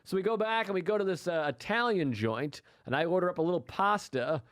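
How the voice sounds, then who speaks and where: Male comic co-host, lightish voice, animated profane storyteller, dry studio mic. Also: sits high, fairly quick, dry recording. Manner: animated, profane, deadpan punchlines. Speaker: podcast co-host. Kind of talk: comedic storytelling. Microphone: podcast studio mic.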